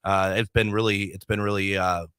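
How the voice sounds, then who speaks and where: A man's voice: deep voice, level tone, normal speed, a bit bright, clear, resonant tone, dry recording. A male host of a paranormal radio show, chatting casually from the studio and rambling with many restarts.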